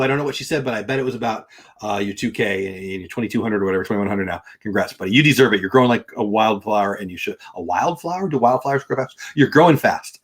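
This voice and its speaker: A man's voice: mid-range voice, fairly bright tone, husky. A middle-aged man hosting a casual livestream, reading chat comments aloud and ranting in an exasperated, opinionated way.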